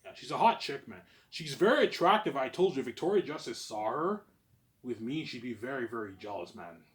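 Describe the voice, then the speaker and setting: A man's voice: medium pitch, lively intonation, brisk. Man vlogger, unscripted boastful ramble, repeats himself, volume jumps around. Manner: repetitive, boastful, keeps saying obviously; swings between loud bursts and mumbling. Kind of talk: rambling monologue.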